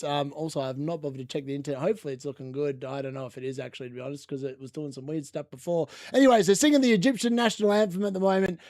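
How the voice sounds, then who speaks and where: A man's voice: on the high side, a little mellow, dry recording, studio quality. A man with an Australian accent hosting a casual football watchalong stream, chatty, rambling and self-mocking. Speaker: livestream host. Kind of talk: casual match watchalong chat.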